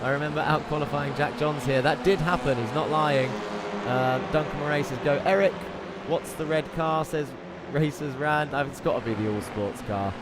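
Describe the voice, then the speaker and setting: A man commentating an online sim race, excitable and chatty, reading out viewer messages between the action. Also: on the high side, moderate pace, heavy background noise. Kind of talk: live esports race commentary.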